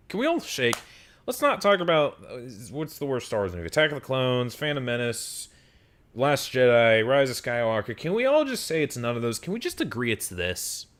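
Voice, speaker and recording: A man's voice: medium pitch, moderate pace. A man giving a casual film review monologue, ranting and swearing freely with lots of fillers. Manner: animated, profane ranting with frequent fillers.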